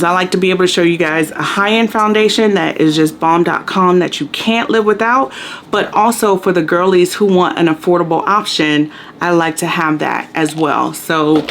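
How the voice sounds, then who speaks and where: A woman doing a casual makeup chit-chat video, talking in a chatty, relaxed way with slangy asides. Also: lowish voice. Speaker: beauty vlogger.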